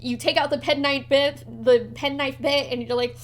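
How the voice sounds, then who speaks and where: A woman narrating as game master of a tabletop horror game, animated and quick to swear. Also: high-pitched.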